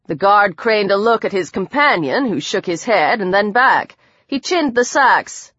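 A woman's voice: medium pitch, lively intonation, measured pace, fairly bright tone, dry recording, dull audio. Woman narrating a dramatic audiobook.

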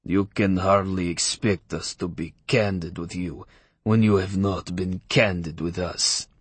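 A man's voice: deep voice, steady tone, measured pace, slightly rough, dry recording. A man voicing a cold, hostile rabbi who speaks English with a Russian accent, clipped and hissing.

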